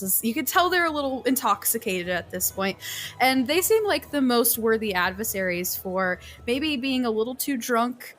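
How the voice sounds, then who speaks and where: A woman narrating a tabletop game as game master, lively and quick to laugh. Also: mid-range voice.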